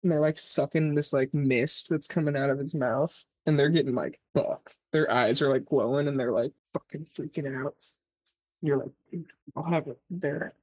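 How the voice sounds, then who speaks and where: A podcast co-host casually retelling a movie plot, rambling and swearing, filling every pause with "like" and acting out the characters' lines. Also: medium pitch, fairly even intonation, a little mellow, breathy edge, no room sound. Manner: rambling, profane, peppered with "like"; acts out characters' lines mid-story.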